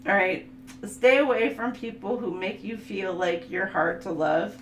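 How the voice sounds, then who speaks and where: A woman's voice: medium pitch, measured pace. A woman giving a casual oracle card reading, chatting and laughing as she reads the card text aloud. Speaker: tarot reader. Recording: echoey room with steady hum.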